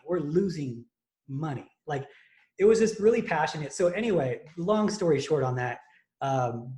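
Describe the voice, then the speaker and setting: A man hosting a fitness podcast, telling a story in casual, excited chat full of fillers and restarts. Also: mid-range voice. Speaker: podcast host and contest prep coach.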